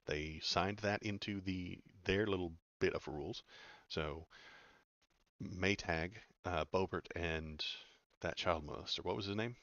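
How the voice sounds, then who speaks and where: Gravelly low-voiced man, sarcastic news commentary. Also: measured pace, a bit bright, no room sound, dull audio. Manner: sarcastic, rambling, many "uh" fillers. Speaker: political commentary streamer. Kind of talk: casual commentary reading news aloud.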